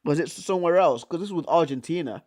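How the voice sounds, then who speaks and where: Slangy young man, higher voice. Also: fast talker. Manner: slangy, excitable, repeats himself with bro and fam. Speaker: streamer. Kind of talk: casual live commentary reacting to chat.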